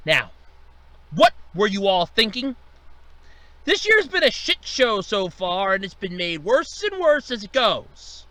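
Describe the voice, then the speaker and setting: A man's voice: high-pitched, sing-song, measured pace, long pauses, bright, forceful tone, no echo. A man hosting a comedic rant series, exasperated and profane, complaining with mock outrage.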